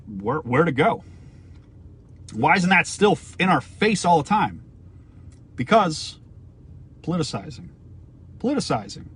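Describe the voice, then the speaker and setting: American guy ranting to camera, husky, voice jumps up and down a lot, lots of rhetorical questions. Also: high-pitched. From United States. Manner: emphatic, rhetorical questions, swears occasionally. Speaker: vlogger. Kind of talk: opinion rant to camera.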